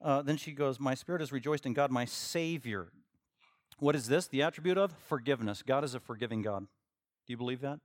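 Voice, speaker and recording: A man's voice: fairly quick, no room sound. Emphatic preaching man, dry sound. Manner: swings from quiet teaching to loud emphatic preaching; acts out imagined listeners in a higher voice. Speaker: pastor. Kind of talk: expository sermon.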